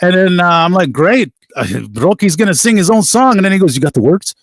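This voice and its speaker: A middle-aged band musician, a guest, telling animated stories in a casual interview, quoting people as he goes. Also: sits high, a little fast, dry recording, clean studio sound. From United States. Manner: animated anecdotes with laughs and quoted voices.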